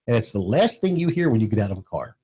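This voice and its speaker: A man's voice: fairly low pitch, fast, husky. A middle-aged man, a radio station owner, chatting casually as a guest in a radio studio. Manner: animated, jokey, mimics voices. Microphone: studio microphone.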